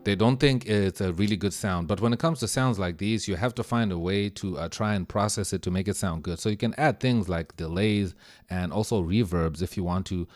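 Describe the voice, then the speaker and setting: A man's voice: deep voice, brisk, no echo. A man giving a casual, slang-filled lesson on music production, easygoing as he walks through sounds. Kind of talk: casual screen-share tutorial. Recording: music playing under the voice.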